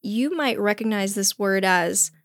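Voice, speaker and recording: A woman's voice: medium pitch, unhurried, no echo. Casual woman storyteller, slangy, dry close sound. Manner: chatty, slangy, laughs often. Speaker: storyteller host. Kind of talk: casual chat retelling a story.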